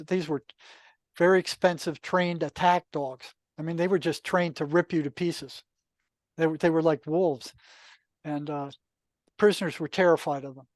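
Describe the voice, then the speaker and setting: An older man, a retired therapist, telling anecdotes in a relaxed, conversational podcast interview, full of asides. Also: fairly high pitch, moderate pace, no echo. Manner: relaxed, anecdotal, many asides and "you know". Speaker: podcast guest, retired psychotherapist. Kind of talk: casual storytelling.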